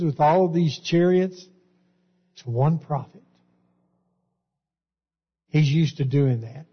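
A man preaching a sermon, reading Bible verses and explaining them in an emphatic, deliberate way. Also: fairly high pitch, slightly rough. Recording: dull, echoey hall.

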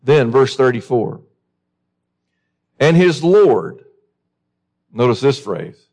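A male pastor delivering a sermon with passion and conviction. His voice climbs sharply into high, insistent peaks as he quotes scripture, then drops back to press the congregation with pointed questions. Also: sing-song, takes it slowly, long pauses, a little mellow. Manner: impassioned, rising to high emphatic peaks when quoting scripture.

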